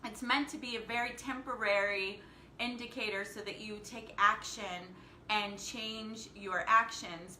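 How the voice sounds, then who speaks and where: A woman's voice: mid-range voice, pushed and bright. A woman hosting a casual live stream as a life coach, upbeat and greeting her viewers by name as they join. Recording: echoey room with faint background noise.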